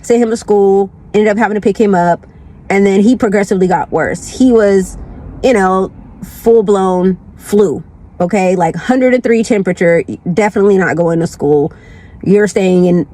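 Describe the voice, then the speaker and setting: Congested woman vlogging from her car, slow and chatty, circles back on herself a lot. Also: medium pitch, darkish tone. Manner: chatty, rambling, repeats herself. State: congested from the flu. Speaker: lifestyle vlogger. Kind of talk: casual chat.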